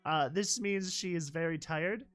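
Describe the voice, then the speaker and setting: A man doing a high pleading little filly. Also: a little slow, fairly bright tone, faint music behind. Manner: childlike, pleading, voice cracking. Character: young filly foal, innocent, stubborn.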